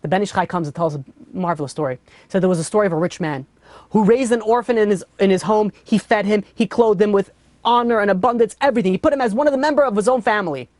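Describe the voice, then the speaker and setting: A man preaching a story-driven sermon at a quick clip, the words tumbling out with restarts and "you know" fillers. The recording is dry and close, with no room echo. He sounds like a rabbi telling a tale to his listeners. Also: high voice, a little mellow. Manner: rapid, restarts often, heavy use of "you know".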